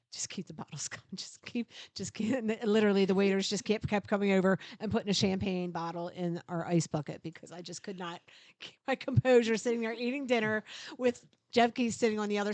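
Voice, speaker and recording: A middle-aged woman co-hosting a podcast, telling a long story in casual chat, animated, laughing often and swearing freely. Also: mid-range voice, no room sound. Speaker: podcast co-host.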